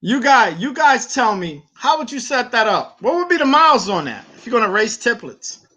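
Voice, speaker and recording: Animated slangy man hosting a livestream. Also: extremely high pitch, normal speed. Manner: animated storytelling with slangy, repetitive speech. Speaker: livestream host. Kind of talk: casual livestream chat.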